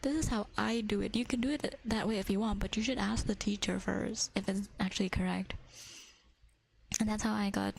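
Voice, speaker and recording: A woman's voice: mid-range voice, steady tone, fairly quick, vocal fry, poor audio. A woman hosting an ASMR livestream, chatting in a casual whisper, giggly and swearing freely.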